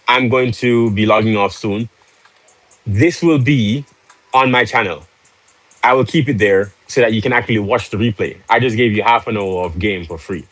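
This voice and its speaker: A man's voice: on the low side, a bit bright, poor audio. A man hosting a live stream, casual and pushy, urging viewers with rhetorical questions and joking with the chat. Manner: salesy, pushy, laughs easily. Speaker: livestream host.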